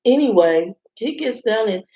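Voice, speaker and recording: A woman's voice: a little high, lively intonation, moderate pace, warm tone. A woman vlogger in a hotel room, chatting to viewers in a rambling, casual storytelling way and calling them y'all. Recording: roomy, slightly dull sound.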